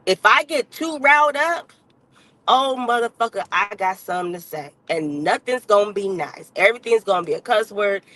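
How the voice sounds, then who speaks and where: A woman's voice: mid-range voice, expressive, moderate pace, sharp tone, dry recording, poor audio. Fired-up woman ranting bluntly on a livestream. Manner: blunt, heavy cursing, emphatic repetition. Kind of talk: unscripted livestream rant.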